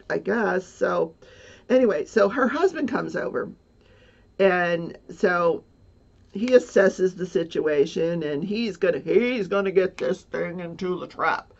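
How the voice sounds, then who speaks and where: A woman's voice: lowish voice, vocal fry. A woman telling a personal story in a casual, rambling way, flustered, with many fillers and nervous laughs. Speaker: livestreamer. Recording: dull lo-fi sound.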